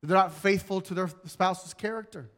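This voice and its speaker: Pastor guy preaching, kinda high-pitched and bright, echoey church with a little music going. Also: normal speed. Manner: conversational, repeats key phrases. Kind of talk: sermon. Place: church sanctuary.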